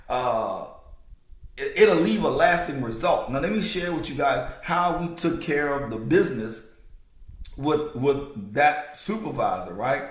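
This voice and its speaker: A man's voice: medium pitch, fairly bright tone. Emphatic man preaching in an echoey room. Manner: preachy, emphatic, repeats key lines, laughs often. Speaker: podcast host. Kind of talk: motivational podcast talk.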